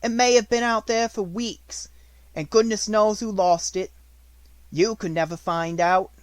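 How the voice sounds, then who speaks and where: A man's voice: high voice, fairly even intonation, unhurried, dry recording, voice pushed up. A man voicing a cheerful, stout, motherly baker woman who is good-natured and hearty.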